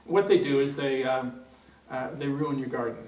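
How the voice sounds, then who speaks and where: A man's voice: medium pitch, steady tone, moderate pace, a little mellow. A man working as a trainer, telling an anecdote in a seminar in a rambling way, full of fillers and restarts. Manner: rambling, many fillers and restarts, chuckling storyteller. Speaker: NLP trainer. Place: training room. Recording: roomy hall, distant mic, faint noise.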